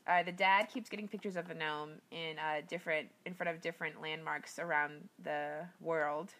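A woman's voice: low voice, fairly even intonation, normal speed, fairly bright tone. A woman co-hosting a casual movie podcast, teasing her co-host and laughing often. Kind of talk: casual chat about movies.

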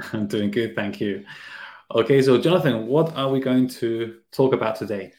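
A man's voice: medium pitch, moderate pace, a little mellow, soft background music. Roomy-sounding man teaching English. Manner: laughs easily, explains with examples. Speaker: podcast host, English teacher. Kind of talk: casual teaching chat. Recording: roomy echo.

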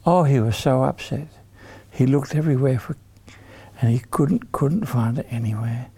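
A man telling a story to children in an animated way, putting questions to them. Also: medium pitch, moderate pace, creaky, slightly rough.

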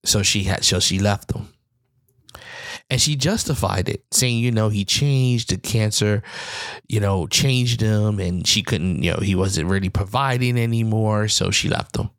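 A low, gravelly man's voice delivers a heated, rambling podcast monologue, circling back and repeating his points. The sound is dry and close, with no room around it. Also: a little slow, fairly bright tone, dry recording. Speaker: podcast host. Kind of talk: casual opinion monologue.

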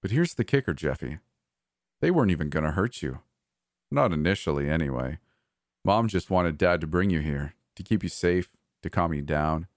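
Man voicing a manic murderous brother, taunting, swinging pitch, dry close sound, story narration. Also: expressive, moderate pace, no echo. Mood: cold taunting. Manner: taunting, mocking, erratic shifts into yelling. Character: manic, cruel adult brother, mocking and murderous.

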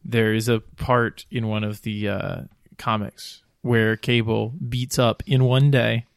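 A man's voice: medium pitch, little pitch movement, slow pace, smooth, dry recording, studio quality. A young man explaining comic-book lore on a podcast, rambling with lots of "like" fillers. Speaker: podcast panelist. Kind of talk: casual movie discussion.

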